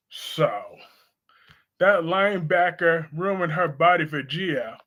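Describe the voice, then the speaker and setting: A man's voice: a little high, slow. A man hosting a live stream, chatting casually and sassily while answering his chat. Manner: sassy, expressive, answering chat.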